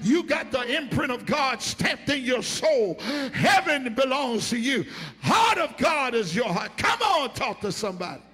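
High-voiced preacher shouting in a church hall. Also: male voice, sing-song, measured pace, husky. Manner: fervent preaching with rising shouts. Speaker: pastor. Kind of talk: sermon. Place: church sanctuary.

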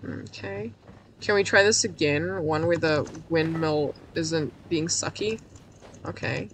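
A woman streaming a game, her voice going hoarse, rambling in a self-mocking way, cracking puns and laughing at herself. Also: deep voice, a little slow, a little hiss or hum. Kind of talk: casual let's-play commentary.

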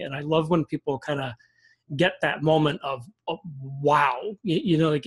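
A man, a guest photography instructor, explaining in a relaxed interview chat and pausing often with fillers. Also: a little high, husky, rough recording. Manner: relaxed, many fillers and restarts. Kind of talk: casual interview talk.

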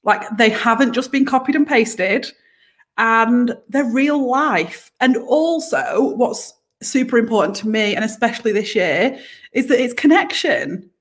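Northern english woman, business coach, emotional and bubbly, highish voice, laughs a lot. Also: a little slow. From northern England. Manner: emotional, animated, laughs easily. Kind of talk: casual interview chat.

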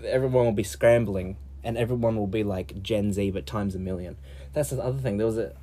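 Young guy rambling and swearing on his stream, lowish husky voice, does silly voices for people. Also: warm tone. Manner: rambling, profane, acts out quoted people in raised voices. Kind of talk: rambling live-stream monologue.

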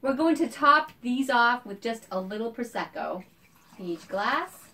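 A woman co-hosting a playful cocktail show as the first mate, brisk and keeping the recipe moving. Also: on the high side, expressive, pushed and bright. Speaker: co-host playing the first mate.

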